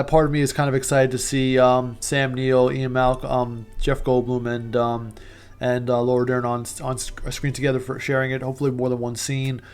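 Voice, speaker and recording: A man's voice: medium pitch, a little mellow. A man reviewing a movie in a casual, opinionated rant, swearing, sarcastic and full of fillers. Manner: profane, sarcastic, rambling with many fillers.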